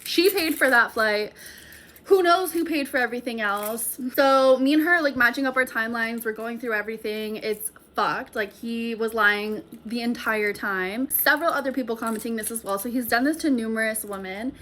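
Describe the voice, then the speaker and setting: A woman's voice: fairly high pitch, normal speed, a bit bright. A young woman telling a storytime tale to her viewers, chatty and profane, with a lot of "like" in her talk. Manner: chatty and profane, heavy use of "like". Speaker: storytime vlogger. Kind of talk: casual storytime monologue.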